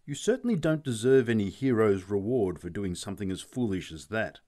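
A man's voice: lowish voice, very animated, fairly quick, mellow. A man voicing a spirited young woman who answers in a raised, indignant voice. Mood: defensive. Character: spirited young woman, proud and sharp-tongued.

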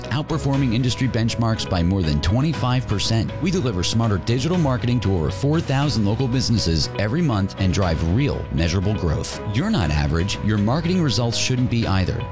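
A man reading a commercial voice-over in a confident, persuasive way. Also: medium pitch.

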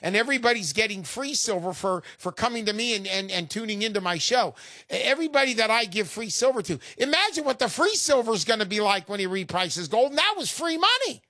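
A brash male radio host pitches his ideas to callers with a showman's punch. His voice sits high and sounds bright and forceful. The studio sound is dry and close. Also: expressive, a little fast, no room sound. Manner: brash salesy showman, loud bursts. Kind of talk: call-in radio talk.

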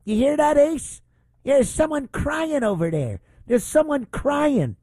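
A man doing a shrill taunting gangster. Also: very animated, slow pace, warm tone, dry recording, clean studio sound, full character voice. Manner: high, jeering mimicry. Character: shrill, menacing small gangster taunting a friend.

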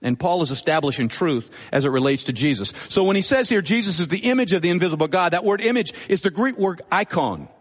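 A man's voice: sits high, expressive, fast talker, few pauses, big-room sound. A man preaching an expository sermon as pastor, teaching earnestly and quoting scripture. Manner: earnest teaching delivery, Bible quotations.

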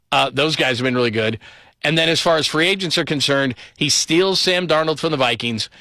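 Bright, dry-sounding male sports talker. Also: no room sound. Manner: fast, enthusiastic rundown of names and stats; animated, pitch rises on key points. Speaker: sports commentator. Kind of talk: solo sports talk commentary.

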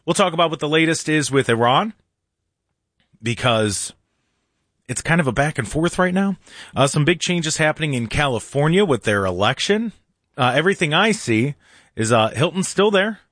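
A man's voice: on the high side, lively intonation, moderate pace, a bit bright, dry recording, studio quality. A man hosting a morning talk radio show, chatty and laughing often, now and then mimicking other voices.

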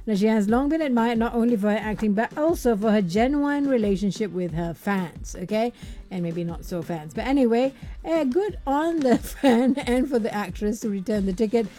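A woman's voice: a little high, expressive, normal speed, dark tone. A woman radio DJ chatting casually through an entertainment story, with rambling asides and a voice that is wearing thin. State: losing her voice. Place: radio studio.

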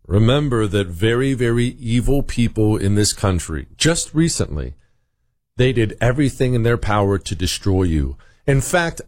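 A man's voice: medium pitch, darkish tone, no echo, studio quality. Combative male talk radio host. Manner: combative, emphatic, sarcastic. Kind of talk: political talk radio monologue.

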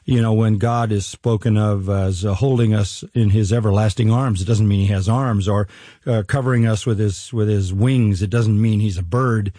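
An older man, a Bible teacher, answering interview questions in a measured, earnest way with frequent restarts. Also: on the low side, steady tone, warm tone, no room sound, studio quality.

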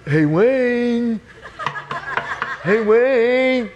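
A man's voice: very high voice, animated, extremely slow, highs cut off, background noise, pitched above the performer's own voice, heavily acted. A man voicing a sheepish, remorseful young college student who stammers, in a reverberant hall. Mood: calling. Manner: hesitant and stammering. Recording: long reverb, faint ambience.

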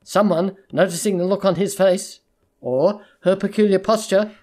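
Measured audiobook narrator. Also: mid-range voice, fairly even intonation, darkish tone. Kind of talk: scripted literary narration.

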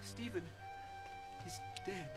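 A shaken, grieving messenger. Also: male voice, high-pitched, lively intonation, moderate pace, music in the background. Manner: hushed, shaken telling. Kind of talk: radio drama acting.

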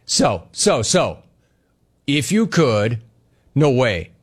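A man in his fifties holds forth as a sports talk radio host, spinning a wry, conversational story. His voice sits in a middling register but rises and falls with lively swings as he talks. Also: mid-range voice, very slow, slightly rough.

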